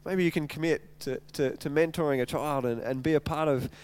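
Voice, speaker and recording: A man with a slightly high, smooth voice preaches briskly. As a pastor, he retells scripture animatedly in everyday language, often stumbling and repeating words.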